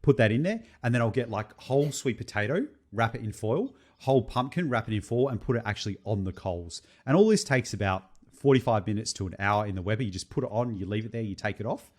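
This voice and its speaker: A man's voice: on the low side, fast talker, few pauses. A young adult man, co-hosting a casual podcast chat and laughing often as he tells stories. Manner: animated, laughs often while telling jokes. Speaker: podcast co-host.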